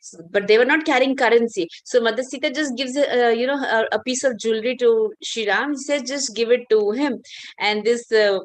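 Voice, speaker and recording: A woman's voice: on the high side, fairly quick, hardly any pauses. A woman teacher telling a story in an online class, chatty with many fillers and questions to listeners.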